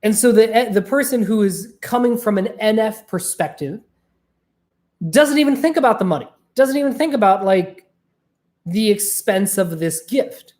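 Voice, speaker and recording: A woman's voice: mid-range voice, animated, normal speed, a little mellow. Chatty, profane woman podcaster. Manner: chatty and profane, with frequent fillers. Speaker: podcast host. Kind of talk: casual podcast monologue.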